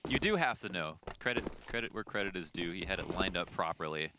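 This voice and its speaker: A man's voice: low-pitched, lively intonation, fast, vocal fry. A man doing play-by-play esports commentary, trading dry quips and rising for the action calls. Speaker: esports caster. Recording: noisy broadcast feed.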